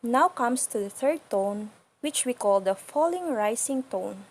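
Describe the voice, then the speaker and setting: A woman with as her explains sounds one by one in an unhurried instructional style. Her voice sits a little high and carries a soft, breathy quality. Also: expressive. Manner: patient, demonstrates sounds slowly and repeats them. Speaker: language teacher. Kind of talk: slow instructional lesson.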